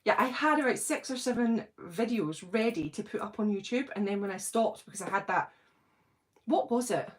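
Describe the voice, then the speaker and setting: A middle-aged British woman hosting a casual livestream, nervous and excited, chatting and greeting viewers by name. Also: mid-range voice, moderate pace. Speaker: channel host doing a livestream.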